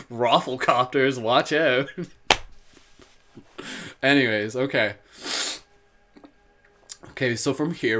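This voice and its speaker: Man, lowish voice, meditation host, soothing guidance, playful giggles between. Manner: slow, soft and soothing when guiding. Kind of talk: guided meditation.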